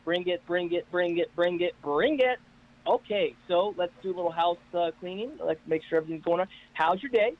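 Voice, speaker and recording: A man calling in to a casual chat show, telling stories in an energetic, hyped-up way. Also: high-pitched, brisk, hardly any pauses, narrow, tinny audio, slight background noise. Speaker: caller guest. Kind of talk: casual chat on a video call. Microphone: internet call.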